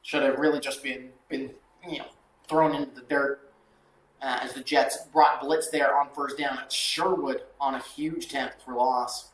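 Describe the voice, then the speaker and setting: A man's voice: medium pitch, fairly even intonation, moderate pace, reverberant, low-quality recording. A man hosting a live watchalong, calling football plays and rambling casually between them with lots of fillers. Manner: rambling, filler-heavy, self-deprecating asides. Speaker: play-by-play watchalong host. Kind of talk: live amateur play-by-play commentary with casual asides.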